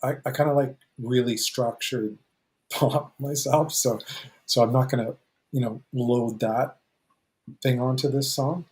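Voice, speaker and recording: A man on a livestreamed music review panel, giving his opinion in a hesitant, halting way. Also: medium pitch, fairly even intonation, a little mellow, rough recording. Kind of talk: casual panel chat on livestream.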